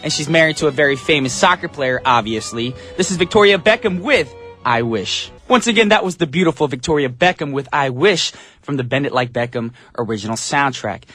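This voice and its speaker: A man's voice: medium pitch, lively intonation, fairly quick, sharp tone, soft background music. A man from the United States hosting a morning radio show in an upbeat, chatty, self-joking way. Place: radio studio.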